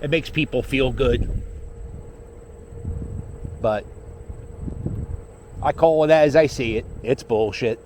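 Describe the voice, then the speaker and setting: A middle-aged scooter vlogger from Philadelphia speaks slowly with long pauses in a mid-range, slightly mellow voice. Rolling through city streets, he makes rambling, joking small talk with some profanity, and faint street noise sits underneath.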